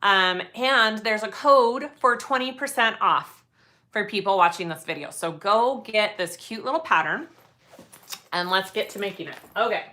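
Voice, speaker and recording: A woman's voice: medium pitch, normal speed, pushed and bright. A woman hosting a live sewing demonstration, chatty as she explains each step and greets viewers. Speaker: sewing tutorial host.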